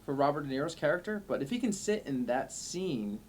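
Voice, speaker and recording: A man's voice: a little high, sing-song, fairly quick, a little hiss or hum. Emphatic man podcast co-host. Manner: emphatic, playful, argumentative. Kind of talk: casual chat.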